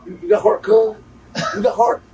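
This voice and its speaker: A man imitating a swaggering Los Angeles street gangster who loudly challenges people. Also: high-pitched, steady tone, moderate pace, husky, voice pushed up. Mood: challenging. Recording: distant mic with room noise.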